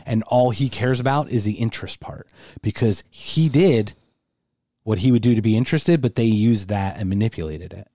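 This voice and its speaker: A man's voice: on the low side, normal speed, mellow, no room sound, clean studio sound. A man co-hosting a podcast in casual conversation, thinking aloud with restarts and emphatic asides. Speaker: podcast co-host.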